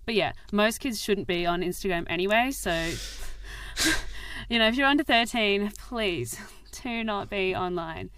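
A young woman with an Australian accent, a former kids' TV host, chatting as a podcast guest, animated and quick to laugh as she acts out quotes. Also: medium pitch, a little hiss or hum. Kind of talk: casual chat.

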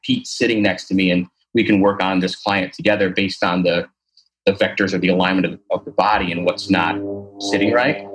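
A man with a somewhat low voice talks through his therapy approach in a relaxed interview. He is earnest and rambling, full of fillers and restarts as he explains his thinking. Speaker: athletic trainer and posture therapist. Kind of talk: casual conversational interview.

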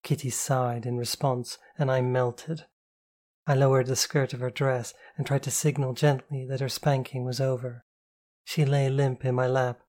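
A woman reading a novel aloud in the first person, calm, slow and intimate. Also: a bass voice. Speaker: audiobook narrator.

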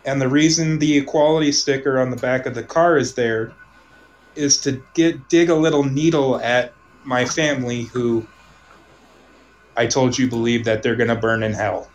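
A man from Omaha telling a personal story in casual conversation, rambling, restarting sentences and trailing off softly. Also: mid-range voice, steady tone, moderate pace, poor audio.

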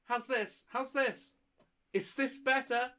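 A man doing a flustered, squeaky gangster newcomer. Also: very animated, measured pace, a bit bright, heavily acted. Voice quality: goofy, flustered, high-pitched squeals. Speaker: comedy podcast host. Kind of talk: improvised comedy role-play. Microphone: online voice call.

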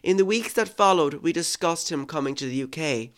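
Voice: medium pitch, animated, brisk. Someone reading a first-person true story aloud, with sarcastic asides and swearing between passages. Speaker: story reader.

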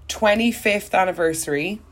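A woman's voice: medium pitch, normal speed. A young woman, co-hosting a casual chat, talking with lots of fillers and frequent laughs. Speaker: podcast co-host.

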